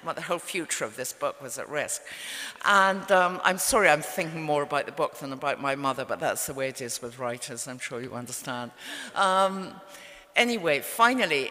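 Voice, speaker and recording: A middle-aged author from England tells a story to a live audience in an event hall, her manner wry and understated. Her voice is low, fairly quick, pushed and bright, and the venue's recording is reverberant.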